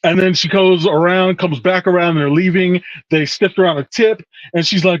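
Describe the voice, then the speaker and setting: A man co-hosting a podcast, relaxed, recounting scenes step by step in casual chat. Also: high voice, normal speed, hardly any pauses, no room sound, lo-fi sound. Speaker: podcast co-host.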